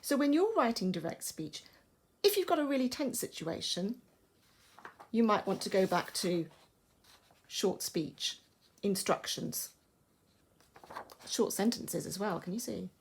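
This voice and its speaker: Expressive English woman teaching a lesson. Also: medium pitch, unhurried, long pauses, a little hiss or hum. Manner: explaining patiently, acting out quotes, expressive. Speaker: primary school teacher. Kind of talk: recorded remote lesson.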